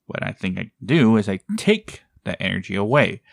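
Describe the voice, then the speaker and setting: A man with a low, gravelly voice co-hosts a podcast in loose, casual conversation. He wanders through his thoughts, doubling back mid-sentence. The sound is dry and close to the mic. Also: lively intonation, fairly quick, dry recording. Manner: rambling, tangential. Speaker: podcast co-host. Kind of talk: casual chat.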